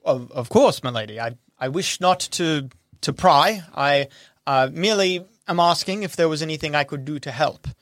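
A man's voice: on the high side, moderate pace, fairly bright tone, no room sound, studio quality, natural voice. A man doing a stiff, deferential butler. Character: formal, reserved male butler, middle-aged.

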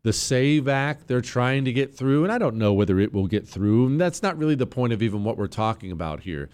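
Radio host guy, fired up and sarcastic, mid pitch voice. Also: lively intonation, fairly quick, darkish tone, smooth. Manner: combative, sarcastic, emphatic. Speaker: radio talk show host. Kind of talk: political talk radio monologue.

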